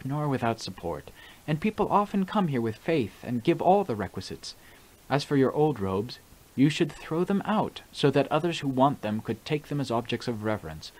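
A man's voice: mid-range voice, darkish tone. A man reading the part of a devoted monk who formally and earnestly pleads with his teacher, in an audiobook.

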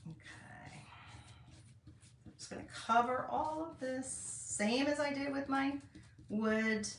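A woman's voice: sits high, takes it slowly, distant mic, slight background noise. A woman in her fifties hosting a casual craft tutorial, chatting and rambling to viewers as she works at home. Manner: chatty, rambling, talks to viewers while working. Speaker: craft channel host. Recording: roomy echo, mic set back.

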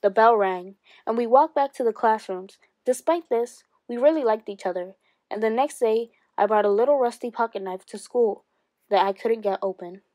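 A woman teacher reading a memoir aloud to her class, steady and expressive, with rises for emphasis. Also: fairly high pitch, normal speed, no echo, lo-fi sound.

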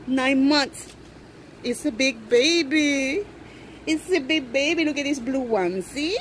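Gushing high-voiced woman vlogger. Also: takes it slowly, slight background noise, rough recording. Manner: gushing, excited, coos over the doll. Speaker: reborn doll collector vlogger. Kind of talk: unboxing vlog. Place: indoors at home.

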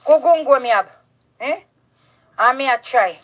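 A Jamaican woman ranting outdoors in a yard, loud, heated and full of curses, recorded on a phone. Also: high voice, lively intonation, measured pace, low-quality recording. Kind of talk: angry street rant to camera.

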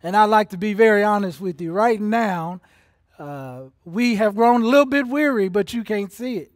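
Pastor, male, high-pitched, emotional delivery, dry recording. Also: animated, moderate pace, no room sound. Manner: emotional, builds from soft to intense. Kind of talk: livestreamed sermon. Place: church auditorium.

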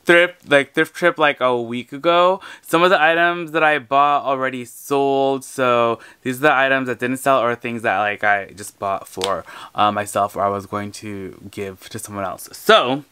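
A man chatting casually as a vlogger out thrift shopping, excitable and full of "like". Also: medium pitch, normal speed, few pauses, clear, resonant tone, dry recording. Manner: excitable, chatty, heavy use of "like". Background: background music.

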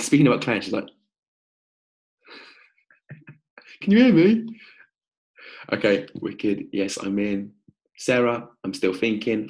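A man with a slightly low voice hosts a live-stream coaching session. He is energetic and upbeat, calling viewers out by name and rallying them to sign up. He is heard through a simple streaming mic. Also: gravelly.

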